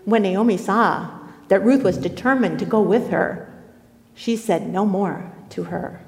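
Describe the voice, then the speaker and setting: A woman's voice: mid-range voice, a little slow. Earnest woman preaching in an echoey hall. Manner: earnest, expressive storytelling. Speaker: Bible teacher. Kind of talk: sermon.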